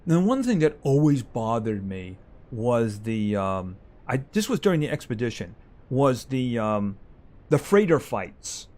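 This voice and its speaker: A man's voice: mid-range voice, very animated, measured pace, darkish tone. A man streaming a farming game live, chatting casually with his viewers as he plays. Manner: chatty, talks to game animals and reads chat aloud.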